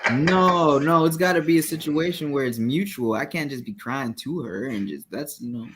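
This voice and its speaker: A man co-hosting a podcast in casual chat, speaking in a measured, earnest way. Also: on the high side, a bit bright, slight background noise. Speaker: podcast co-host.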